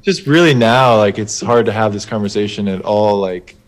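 A man's voice: on the low side, normal speed. A man who plays in a band, speaking as a guest in a loose, hesitant way. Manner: hesitant, lots of "like" and "I don't know". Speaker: musician guest. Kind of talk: casual live interview.

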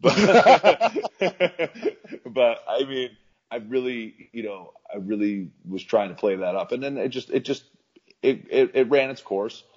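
Low husky-voiced laid-back wrestler, muffled. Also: male voice, normal speed, a little mellow. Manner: laid-back, rambling, many fillers and restarts. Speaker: professional wrestler guest. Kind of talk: casual interview chat.

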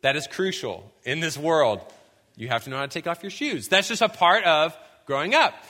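Bright-voiced young male pastor preaching. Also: on the high side, normal speed. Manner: animated storytelling, bursts into shouts when acting out scenes. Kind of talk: sermon. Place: church sanctuary. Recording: long hall reverb.

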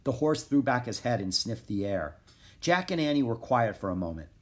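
A man narrating a children's chapter book in a calm, even reading voice. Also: mid-range voice, moderate pace. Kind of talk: storybook narration.

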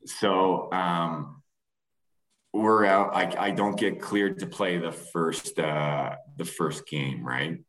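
Middle-aged canadian guy, real deep voice, rambling away telling a story on a pod. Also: slow pace, fairly bright tone, rough recording. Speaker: former pro lacrosse player, guest. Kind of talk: casual podcast storytelling.

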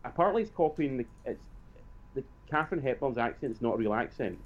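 A man co-hosting a casual film review chat, talking quickly and repeating words as he restarts. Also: mid-range voice, lively intonation. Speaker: podcast co-host. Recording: tinny phone-like line.

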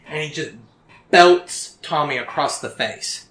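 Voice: medium pitch, unhurried, fairly bright tone. A storyteller narrating a tabletop role-playing game in a descriptive, matter-of-fact way, recorded with a roomy echo.

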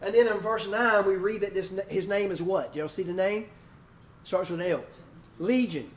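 A man's voice: high voice, moderate pace. A man preaching a sermon in a folksy way, checking in with his congregation by name and asking "okay?" and "amen?" throughout. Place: church sanctuary. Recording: echoey room, distant mic, faint noise.

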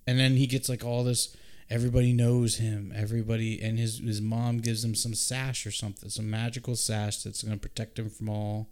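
A man's voice: on the low side, flat delivery, fairly quick, few pauses. A man hosting a casual podcast chat, retelling a movie scene with profane asides and acted-out quotes. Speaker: podcast host.

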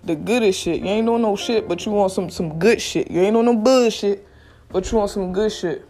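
Gravelly, blunt, profane motivational talker. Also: mid-range voice, normal speed, a little mellow, faint music behind. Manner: blunt, profane, preachy straight talk. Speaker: podcast host. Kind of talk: motivational casual monologue. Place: quiet workplace late at night. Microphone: single mic.

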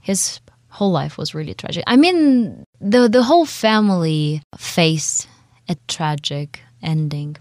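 Slow, thoughtful woman with Russian accent. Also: fairly low pitch, animated, darkish tone, dry recording, studio quality. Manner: thoughtful, hedging, frequent laughs. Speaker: guest. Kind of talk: casual chat.

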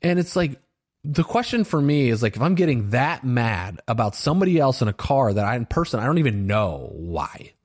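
A man's voice: mid-range voice, big pitch swings, brisk. A middle-aged man hosting a solo podcast, talking earnestly and loosely, with lots of fillers like "you know" and "like.". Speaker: podcast host. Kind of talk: solo self-reflection podcast monologue.

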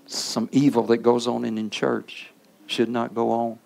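Male preacher, sermon, husky voice, congregation asides. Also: mid-range voice, little pitch movement, unhurried, a little mellow. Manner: call-and-response asides to the congregation.

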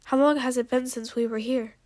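A woman's voice: high voice, fairly even intonation, fairly quick, a little mellow, close to an everyday voice. A woman reading a story aloud, voicing a nervous, homesick young female dragon who stammers. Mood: worried. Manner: hesitant, stammering.

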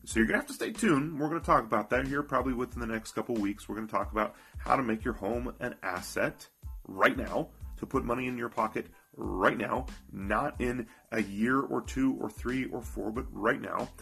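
A man with a gravelly, creaky edge to his voice gives an emphatic finance talk and speaks straight to the listener. He drives each point home by repeating it, and his pitch sits in a middling range. Soft music plays faintly underneath. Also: moderate pace. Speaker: financial educator. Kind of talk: motivational finance talk to viewers.

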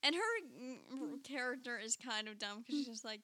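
A woman's voice: a little high, brisk, few pauses, pushed and bright. A young woman co-hosting a casual film review chat, talking loosely with lots of fillers and laughter. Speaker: podcast co-host.

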